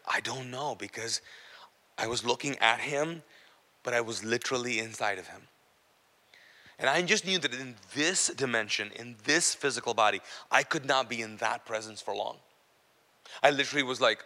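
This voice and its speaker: Male minister, bright forceful voice, hushed storytelling testimony in a large church hall with long reverb. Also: normal speed, long pauses. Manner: storytelling, often dropping to a low hushed voice. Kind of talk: sermon testimony.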